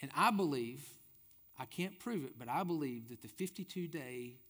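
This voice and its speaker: A man's voice: mid-range voice, expressive, normal speed, fairly bright tone. A man preaching a sermon as pastor, reading scripture and adding folksy, humorous asides.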